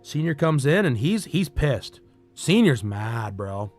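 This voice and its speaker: A male streamer telling a story casually, animated and profane, swinging between loud bursts and muttered asides. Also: mid-range voice, slow, faint music behind.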